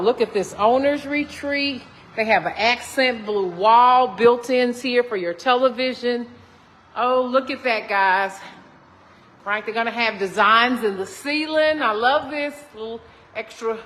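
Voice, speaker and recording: A chatty woman realtor leads a slow, unhurried walkthrough of a home still under construction, exclaiming over features and calling viewers y'all. Her voice sits a little high for a woman. It rings with the long echo of bare, empty rooms, and faint construction noise runs behind it on a phone recording. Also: fairly bright tone. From Texas. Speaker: realtor touring a model home. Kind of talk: walkthrough home tour vlog.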